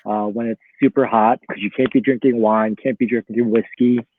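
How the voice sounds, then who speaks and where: A man's voice: medium pitch, moderate pace, a little hiss or hum. Man from Philly on a tinny call line. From Philadelphia. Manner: relaxed, chatty, laughs often. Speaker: guest. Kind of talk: casual chat. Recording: tinny phone-like line, dry.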